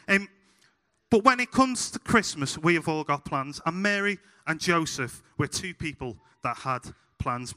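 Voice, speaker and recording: A young man with a Scouse accent from Liverpool, preaching a sermon told through funny, animated stories. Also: fairly high pitch. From Liverpool, England. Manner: humorous, animated anecdotes. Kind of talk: sermon with storytelling. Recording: hall reverb.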